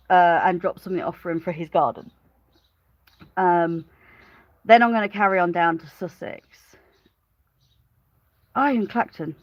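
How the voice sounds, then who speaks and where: A woman's voice: medium pitch, no echo, rough recording. A woman chatting casually on a live stream from outdoors by her car on a smallholding. She rambles, laughs often and greets viewers by name. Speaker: smallholder vlogger.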